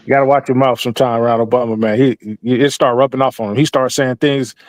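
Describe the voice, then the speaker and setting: A man's voice: medium pitch, fairly even intonation, fast talker, no room sound. An older man rambling and joking as a guest on a livestream panel, fond of doing impressions. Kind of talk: casual chat on a livestream.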